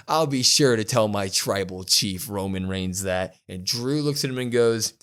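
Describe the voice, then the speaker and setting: A man co-hosting a podcast, retelling a wrestling show in a casual, animated way, quoting what was said. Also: on the low side, moderate pace, clean tone. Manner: animated storytelling, quotes wrestlers. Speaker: podcast co-host. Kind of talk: casual wrestling recap chat.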